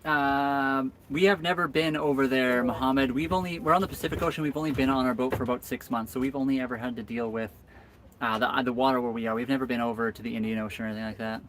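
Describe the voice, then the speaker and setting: A man's voice: medium pitch, fairly even intonation, fast, a bit bright, slight background noise. A man hosting a live stream from his sailboat, chatting casually and answering viewer comments. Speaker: boat vlog host.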